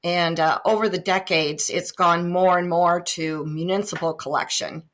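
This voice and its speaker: A woman from Iowa, a guest on a podcast, telling humorous anecdotes in a relaxed, chatty way over a remote connection. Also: lowish voice, moderate pace. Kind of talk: casual storytelling interview. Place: remote call.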